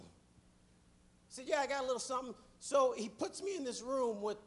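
A middle-aged man preaching with fervor and a strikingly high voice. He swings from soft, low passages to ringing shouts at the congregation. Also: animated, moderate pace. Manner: fervent, building to shouts. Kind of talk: sermon.

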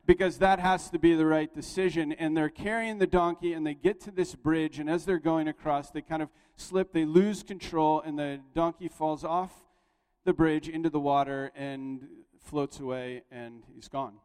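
A man's voice: on the high side, fairly even intonation, moderate pace, darkish tone, clear, resonant tone. A man preaching a sermon as pastor, telling a story in a conversational way and building to emphatic points. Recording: long reverb of a large hall.

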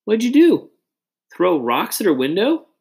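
A chatty boy who teases and pesters his best friend with question after question, voiced by a man reading a story. The voice sits high and swings widely in pitch. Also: wildly swooping pitch, a little slow, darkish tone, full character voice. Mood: teasing. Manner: teasing, pushy questions.

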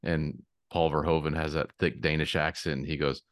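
A man with an extremely deep voice talks eagerly about favorite films as a podcast guest, often stopping and restarting his sentences. The recording is close and dry, with no room sound. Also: little pitch movement, normal speed, fairly bright tone, no echo. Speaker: podcast guest, film buff. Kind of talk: casual film chat.

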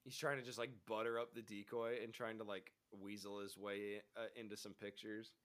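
A man's voice: fairly low pitch, level tone, brisk, a bit bright. A man co-hosting a podcast in casual chat, wry and teasing, joking and sighing in reaction. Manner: wry and teasing, sighs and jokes. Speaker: podcast co-host.

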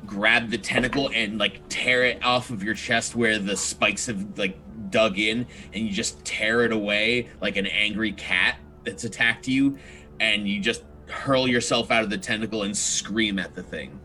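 A man with a lowish, bright voice runs a tabletop game as game master. He explains the rules casually, with many "uh"s and "all right"s, then slips into vivid narration. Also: a little slow. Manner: easygoing, explains rules with frequent fillers.

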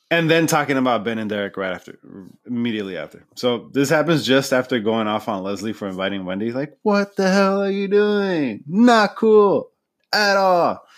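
A man hosting a podcast, chatting casually and acting out quoted lines as he retells scenes. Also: fairly low pitch. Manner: animated retelling, acts out quotes. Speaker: podcast host. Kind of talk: casual chat.

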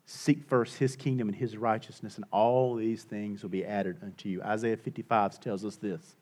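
A middle-aged male pastor preaching a sermon, swinging between hushed and loud and repeating his points for emphasis. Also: fairly low pitch, fairly even intonation, normal speed.

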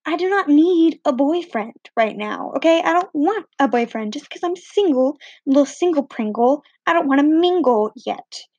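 A teenage girl telling a story in a chatty, animated way, acting out the other people's lines with different voices. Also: high-pitched, moderate pace, hardly any pauses, no echo, lo-fi sound. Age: teens. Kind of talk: casual storytelling.

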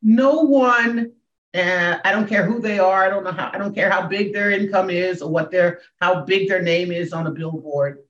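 A woman in her sixties, a comedian and speaker, telling her story as a podcast guest with emphatic swings in pitch and volume. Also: normal speed, fairly bright tone. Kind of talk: emotional storytelling in a podcast interview. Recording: echoey, dull room sound.

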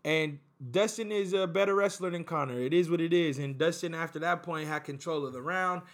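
A man's voice: fairly high pitch, fairly quick. A man hosting a casual sports recap, talking in a rambling, chatty way with frequent fillers and restarts. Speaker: sports podcast host.

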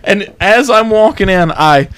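A man's voice: high voice, unhurried, clean tone. A young man co-hosting a podcast, telling a family story in a loose, laughing way and quoting the people in it. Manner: laughing, animated retelling with quoted voices. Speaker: podcast co-host. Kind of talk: casual storytelling chat.

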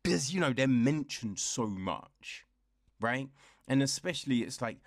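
A young man speaking slowly and unhurriedly, chatting his way through a book review. His talk rambles and is full of laughs and acted-out quotes. The recording is dry and close, with no room sound. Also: medium pitch, expressive, no echo. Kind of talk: casual chat.

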